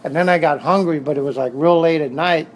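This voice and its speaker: A middle-aged man with a Southern Californian accent, his voice sitting a little high, telling stories in a blunt, streetwise way and hammering his points with repetition. He talks casually in his motorcycle shop, with a faint ambient hum behind him. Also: quick pace, poor audio. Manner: blunt, streetwise, repeats himself. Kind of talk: casual storytelling interview.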